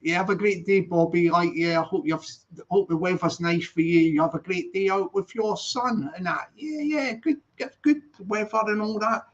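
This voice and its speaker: A man's voice: high voice, fairly even intonation, moderate pace, hardly any pauses. A Scottish man hosting a casual live stream, upbeat and chatty, repeating his greetings. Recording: dull lo-fi sound.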